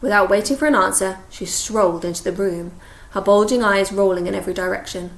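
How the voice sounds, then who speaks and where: A woman narrates an audiobook in a steady storytelling manner. Her mid-range voice has a gravelly texture, and the recording sounds roomy. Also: medium pitch, brisk. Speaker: audiobook reader. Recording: echoey room.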